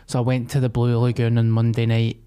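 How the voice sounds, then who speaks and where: A man's voice: medium pitch, completely flat delivery, fairly quick, mellow, clear, resonant tone. A young Scottish man co-hosting a podcast, telling a sweary rant in casual chat. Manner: swears a lot, tells rants with acted-out quotes. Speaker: podcast co-host.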